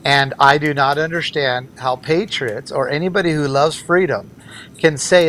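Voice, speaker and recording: A man's voice: fairly high pitch, moderate pace, fairly bright tone, a little hiss or hum. A man who is a candidate for governor, speaking as an interview guest and arguing his political views earnestly and emphatically. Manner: earnest, emphatic, argues in repeated phrases.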